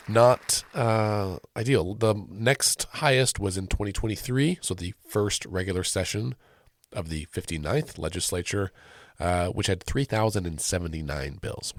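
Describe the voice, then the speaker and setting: A man's voice: fairly low pitch, no echo, clean studio sound. A male podcast host with a nasal, congested voice from a sinus cold, talking through the week's news in a casual, wry way with frequent ums. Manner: conversational, wry, sprinkled with ums. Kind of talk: casual solo commentary.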